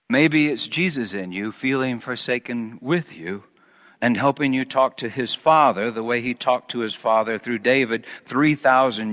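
A man preaching a sermon, swinging from loud emphatic peaks down to hushed, almost whispered lines. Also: medium pitch, big-room sound.

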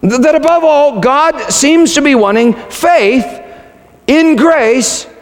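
A man preaching a sermon emphatically, swinging between loud declarations and hushed asides. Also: extremely high pitch, takes it slowly. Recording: long hall reverb.

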